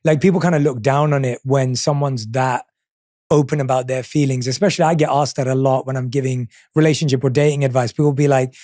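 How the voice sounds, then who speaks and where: A man's voice: medium pitch, fairly even intonation, fast, dark tone, dry recording, studio quality. A man hosting a podcast, asking earnest, reflective questions. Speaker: podcast host. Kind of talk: interviewing.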